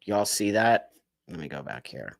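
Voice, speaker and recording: A man's voice: fairly low pitch, sing-song, normal speed, creaky, no echo, studio quality. A man hosting a live stream, giving emphatic, indignant commentary with many rhetorical questions. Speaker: livestream host.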